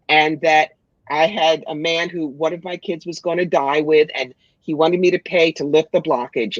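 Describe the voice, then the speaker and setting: A woman author chatting on a livestream, telling stories with lively quoted bits. Her voice is mid-pitched and sounds dull and lo-fi, very dry with no room. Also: no echo. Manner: animated storyteller, quick to quote and act out others. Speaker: guest author. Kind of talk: casual livestream chat.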